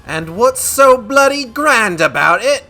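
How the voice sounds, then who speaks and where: A man playing a gruff indignant old noblewoman. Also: fairly high pitch, animated, normal speed, faint music behind. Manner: indignant, sharp-tongued. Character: gruff elderly noblewoman, stern mother.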